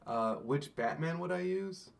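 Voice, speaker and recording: A man with a higher voice and some vocal fry co-hosts a casual movie podcast, speaking unhurriedly. He eagerly retells fight scenes beat by beat, play-by-play, quoting the characters.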